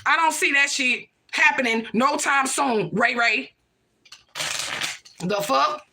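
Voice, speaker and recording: A woman hosts a livestream in a heated, profane rant, confronting people and calling out to her viewers. Her voice sits high and carries a bright, sharp edge. She circles back to the same points again and again. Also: slow pace, husky. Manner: profane, confrontational, repeats herself, addresses viewers as y'all. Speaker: livestream host.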